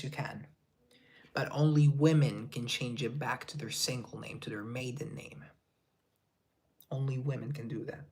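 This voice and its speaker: A man's voice: medium pitch, darkish tone. A man on a casual live stream, reading chat aloud and answering, now and then dropping into whispered asides.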